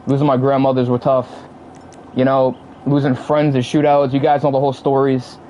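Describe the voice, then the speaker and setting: A man's voice: mid-range voice, little pitch movement, normal speed, warm tone, highs cut off, slight background noise. A young man in his twenties venting casually to his stream chat, heated and profane, repeating himself as he talks. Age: 20s. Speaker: livestream gamer.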